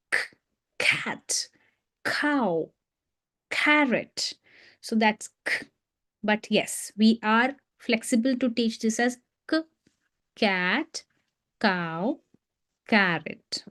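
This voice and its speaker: A woman with an Indian English accent, teaching phonics sounds in a live online lesson and drilling each sound through short repetitions. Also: on the high side. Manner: demonstrates letter sounds with short repeated drills.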